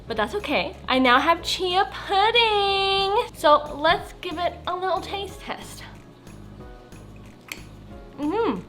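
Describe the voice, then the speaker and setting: Bubbly lady food vlogger, kinda high voice, gushy and chatty, little music under it. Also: a bit bright. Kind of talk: casual cooking vlog chat.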